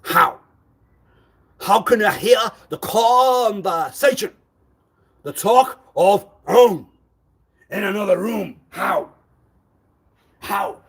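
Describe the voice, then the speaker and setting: A man talks on a live stream in a high, husky voice that swings widely in pitch. He keeps repeating himself and fires one accusing question after another. His delivery is slow and demanding. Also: expressive, a bit bright. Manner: repetitive, insistent. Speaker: livestreamer.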